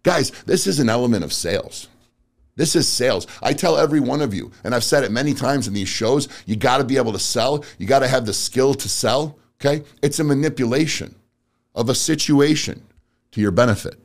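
A man's voice: medium pitch, animated, brisk, gravelly. A man giving a casual motivational talk to viewers, speaking bluntly and directly with street slang. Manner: blunt, direct, street-casual, addresses audience as bro and guys. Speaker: motivational speaker and auto business owner.

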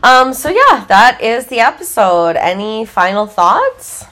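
A woman's voice: on the high side, big pitch swings, measured pace, a bit bright. A young woman hosting a podcast, telling a reality-show recap in a chatty way, full of filler words and laughter. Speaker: podcast host.

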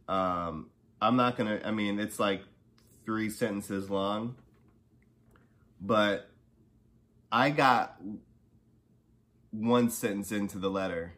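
This low-pitched man has a fairly bright tone as he hosts a podcast. He shares a personal anecdote conversationally, dropping frequent "you know" and "right?" asides. When anger takes over, he gets heated.

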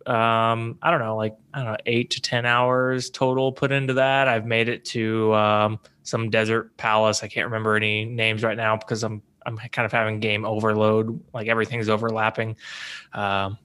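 A man's voice: fairly low pitch, flat delivery, normal speed, bright, forceful tone, clean tone. A man co-hosting a video game podcast, chatting casually with lots of restarts. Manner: rambling, with many restarts and fillers. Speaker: podcast co-host. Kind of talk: casual chat about video games.

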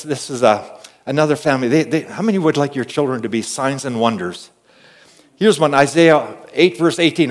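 Man preaching in a higher voice. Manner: swings from hushed asides to loud emphatic calls, with frequent amens; repeats and restarts words while storytelling. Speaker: pastor. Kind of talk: conversational sermon.

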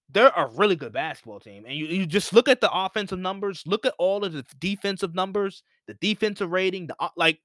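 In clean, dry studio sound, a man with a slightly high, fairly bright voice talks sports on his own podcast. He's casual and opinionated, hammering home his points by repeating them.

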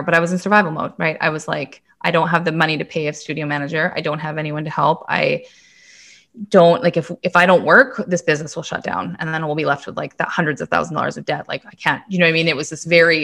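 A woman's voice: low-pitched, gravelly, sharp tone. A woman in her thirties from Canada, a podcast guest and intuitive coach telling her own story in a chatty, casual way, swearing freely and saying "like" often.

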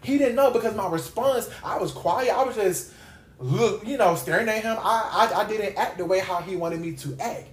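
A man's voice: sits high, normal speed. A man hosting a Bible study podcast, preaching in a casual, conversational way and repeating phrases for emphasis. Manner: conversational, with slangy asides. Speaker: podcast host and Bible teacher. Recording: roomy echo.

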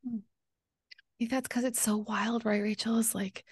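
A woman author talking as an interview guest, gentle and reflective, often laughing and dropping into soft near-whispers. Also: on the high side, steady tone, measured pace, slightly rough, dry recording, clean studio sound. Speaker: author and podcast host, guest.

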